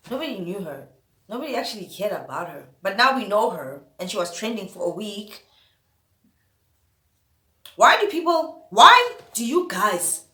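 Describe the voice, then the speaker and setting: A woman's voice: on the high side, sharp tone, roomy sound. A woman vlogging an opinion rant to camera, exasperated and firing off repeated rhetorical questions. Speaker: vlogger host.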